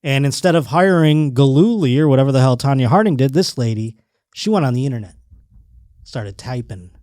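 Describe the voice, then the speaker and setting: A man hosting a podcast, chatting casually in a rambling, joking way and swearing freely. His pitch sits mid-range but swings widely as he talks. The recording is close and dry, with no room sound. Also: expressive, brisk, darkish tone, no room sound. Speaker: podcast host.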